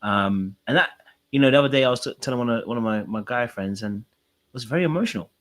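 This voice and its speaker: On a podcast interview, a man who hosts the show and also works as a coach shares his feelings openly and earnestly, using many fillers. He talks fast at a medium pitch, and the sharing is emotional.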